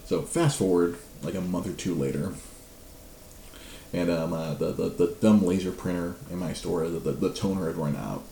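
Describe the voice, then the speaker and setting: Gravelly man spinning a rambling story. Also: sits low, normal speed, reverberant, a little hiss or hum. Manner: rambling, frequent restarts, laughs, lively. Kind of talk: casual storytelling to a live chat.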